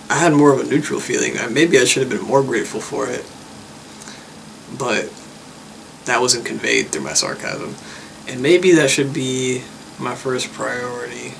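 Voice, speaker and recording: Brief: young male vlogger, gravelly and mid-pitched, easygoing rambling chat, faint noise behind. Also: low-quality recording. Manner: relaxed, rambling and reflective, with many likes and uhs. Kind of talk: casual vlog chat.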